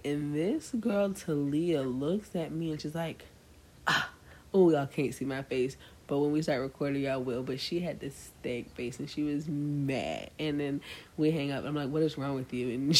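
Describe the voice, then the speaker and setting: A woman's voice: low-pitched, moderate pace, a little hiss or hum. A young woman co-hosting a podcast, chatting casually and telling stories to listeners with lots of energy. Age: young adult. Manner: animated storyteller addressing listeners as y'all. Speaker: podcast co-host. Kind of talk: casual chat.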